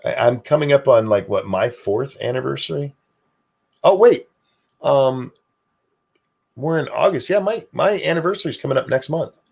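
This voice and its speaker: A man's voice: medium pitch, normal speed, gravelly, pauses often, breathy edge. An older man hosting a casual streamed talk show, swearing freely and joking about himself. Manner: profane, animated, self-deprecating. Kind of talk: casual chat.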